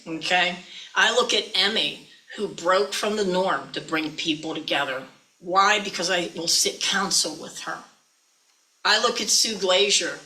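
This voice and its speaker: A woman minister preaches in a chatty, folksy way, teasing her listeners now and then. Her voice is bright and clear at a middling pitch. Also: rough recording. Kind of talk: sermon.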